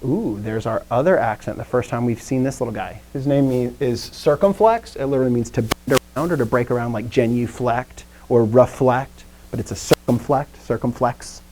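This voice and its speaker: A woman's voice: rumbling low, moderate pace, few pauses, a little mellow. A woman teacher leads a live lesson over a video call, chatty and joking as she quizzes her class.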